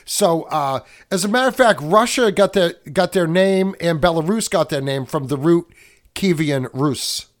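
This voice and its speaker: A male podcast co-host talking casually in a fairly high voice. He rambles, corrects himself on the fly and reaches for movie references to make his points. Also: lively intonation, normal speed. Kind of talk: casual chat.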